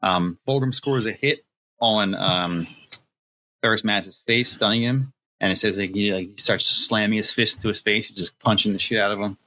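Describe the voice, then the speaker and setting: A man's voice: on the low side, normal speed, bright, forceful tone, low-quality recording. A man co-hosting a podcast, retelling a novel's scenes in loose casual chat and acting out the quotes with plenty of laughter. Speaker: podcast co-host.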